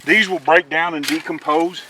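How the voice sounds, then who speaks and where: A man's voice: on the high side, steady tone, normal speed, bright, forceful tone, slight background noise, poor audio. Plainspoken man explaining homestead chores. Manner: easygoing, plainspoken, rambling with restarts. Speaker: homesteader showing his work. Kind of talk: casual how-to explanation. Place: outdoors on a dry homestead.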